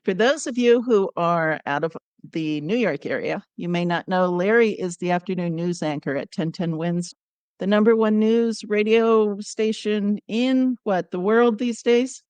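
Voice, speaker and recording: A woman's voice: medium pitch, a little slow, a little mellow, smooth, no echo. A woman hosting an interview podcast, friendly and joking in a casual chat. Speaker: podcast host.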